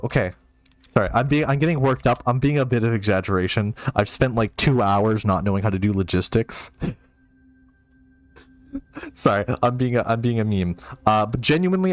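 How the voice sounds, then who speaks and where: A man's voice: medium pitch, moderate pace, no room sound. A man streaming a game live and reading chat, flustered, self-mocking and rambling.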